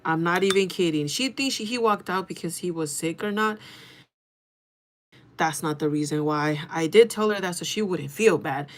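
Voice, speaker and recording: A woman in her thirties telling a workplace story to her viewers in a casual, animated, gossiping way. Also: fairly low pitch, moderate pace. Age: 30s. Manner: animated gossiping with frequent swearing and laughter. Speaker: vlogger.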